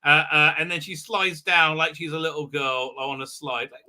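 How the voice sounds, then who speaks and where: A man's voice: fairly high pitch, fairly even intonation, moderate pace, pushed and bright. A man hosting a live episode recap, rambling and sarcastic with many filler sounds. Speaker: host reviewing a TV episode.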